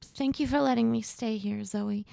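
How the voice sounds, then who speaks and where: A woman narrator voicing a sick young woman who speaks in a shaky, pleading, higher voice. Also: animated, slow, no echo, clean studio sound. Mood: tearful.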